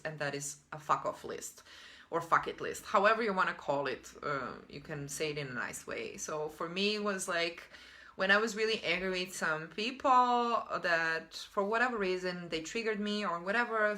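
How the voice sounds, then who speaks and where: A woman's voice: on the low side, sharp tone. A woman vlogger talking casually to camera, chatty and laughing often. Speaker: spiritual vlogger.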